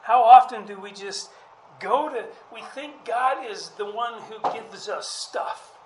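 A man's voice: high-pitched, slow pace, echoey room, a little hiss or hum, rough recording. A man preaching a sermon as pastor, earnest and prone to repeating words, with chuckles between points.

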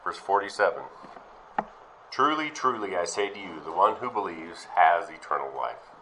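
Male preacher, low and forceful, reads verses then asks questions, faint hiss. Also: lively intonation, moderate pace, low-quality recording. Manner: reads scripture aloud, then questions and explains it. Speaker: Bible teacher. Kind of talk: Bible teaching sermon.

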